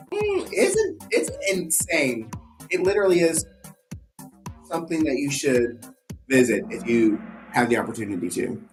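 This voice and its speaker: Man hosting trivia, slightly high voice, playful, rambling, self-teasing, soft music behind. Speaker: trivia game host. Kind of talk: live online trivia hosting.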